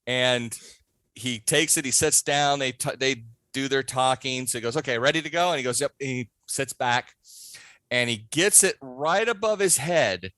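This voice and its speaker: A man in a casual podcast interview, telling a backstage prank story with animated delivery and acting out the other people's voices. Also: medium pitch, moderate pace, no echo. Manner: animated, acts out voices in his stories. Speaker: podcast guest, haunt scare actor.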